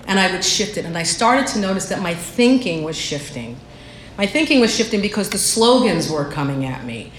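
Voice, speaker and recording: Woman, candid recovery share, low-ish voice, echoey room, faint hiss. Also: a bit bright. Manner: candid, self-deprecating storytelling. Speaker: speaker sharing at a recovery meeting.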